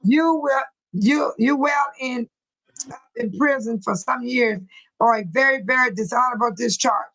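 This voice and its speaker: A woman with a high voice hosts a relaxed livestream. She reads news articles aloud and breaks off to talk back to her viewers in the chat. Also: unhurried, poor audio. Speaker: livestream host.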